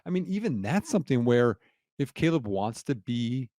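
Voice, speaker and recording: A man's voice: mid-range voice, sing-song, moderate pace, dark tone, no room sound. Rambling man on a dry mic. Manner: rambling, filler-heavy, restarts. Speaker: podcast co-host. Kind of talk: casual sports podcast chat.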